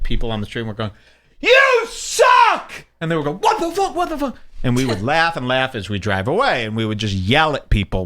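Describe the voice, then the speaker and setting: A middle-aged man from the Chicago suburbs hosting a podcast, telling stories in casual chat and acting out the quotes. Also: medium pitch. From Chicago suburbs, USA. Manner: animated storyteller, acts out quotes. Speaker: podcast host.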